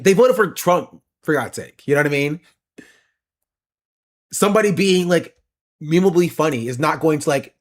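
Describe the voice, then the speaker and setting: Opinionated man streaming political commentary. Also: a little high. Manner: opinionated, explanatory.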